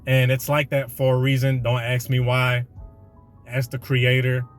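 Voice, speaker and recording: A man's voice: mid-range voice, monotone, unhurried, faint music behind. A man hosting a podcast, delivering a slangy, conversational motivational monologue with a preachy edge. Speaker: podcast host.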